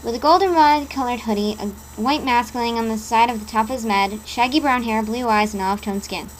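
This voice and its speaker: A woman's voice: fairly high pitch, slight background noise, low-quality recording. A woman reading a horror story aloud in a dramatic storytelling style, stumbling over a word now and then. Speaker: reader.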